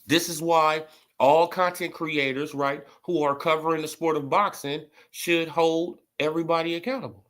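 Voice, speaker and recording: Emphatic high-voiced man ranting about boxing. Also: steady tone, normal speed, fairly bright tone. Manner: emphatic, repetitive, slangy. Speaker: boxing commentary vlogger. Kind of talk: casual boxing commentary.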